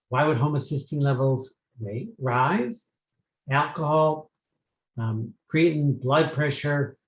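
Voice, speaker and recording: A man giving an earnest clinical lecture on prevention, emphatic and pausing on fillers as he goes. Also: mid-range voice, darkish tone. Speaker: psychiatrist lecturer. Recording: echoey room.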